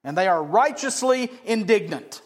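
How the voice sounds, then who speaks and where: A man preaching a sermon as pastor, animated and often asking the congregation questions. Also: high-pitched, moderate pace. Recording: echoey hall.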